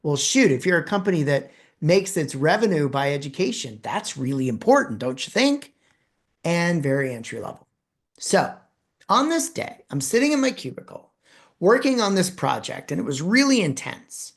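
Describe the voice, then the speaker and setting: A man giving a storytelling talk, his pitch swinging widely as he builds scenes. He leans on dramatic pauses and acts out bits of conversation for the audience. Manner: expressive, dramatic pauses, quotes dialogue. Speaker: presenter telling a personal story.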